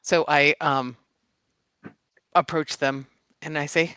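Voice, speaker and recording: A woman's voice: sits low, steady tone, slow, long pauses, fairly bright tone, smooth, dry recording. A woman playing a tabletop game, speaking in character in a prim, overly polite way. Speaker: player.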